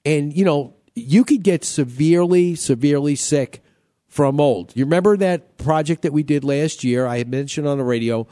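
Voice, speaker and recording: A man with a fairly high, warm voice hosts a home-repair radio show at normal speed. The clean studio recording has no room sound, and he chats casually, repeating himself and cracking jokes.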